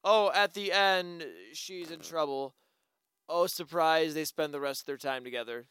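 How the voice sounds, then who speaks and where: A man's voice: fairly high pitch, unhurried, a bit bright, clean tone, no echo. A man chatting casually about a movie, blunt and swearing when something annoys him. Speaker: movie reviewer. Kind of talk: casual chat.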